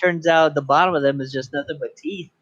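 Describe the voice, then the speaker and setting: A man's voice: a little high, fairly even intonation, a little fast, fairly bright tone, no echo. A man co-hosting a casual movie review podcast, talking with enthusiasm and acting out lines in funny voices. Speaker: podcast co-host. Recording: dry dull lo-fi sound.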